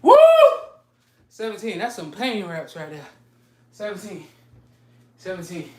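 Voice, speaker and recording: A woman's voice: on the low side, measured pace, a little hiss or hum. Winded woman counting push-ups. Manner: counts reps aloud and banters in slangy trash talk. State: winded between push-up sets, sighing. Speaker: fitness streamer. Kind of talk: casual live workout talk. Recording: echoey room, far from the mic.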